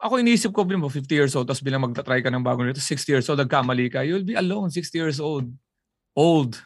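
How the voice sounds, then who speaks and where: A man with a Filipino accent co-hosting a call-in show, animated and jokey in casual chat. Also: a little high, no echo, studio quality. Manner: animated, jokey, talks in quick bursts. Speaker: co-host. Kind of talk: casual chat, mixing Tagalog and English.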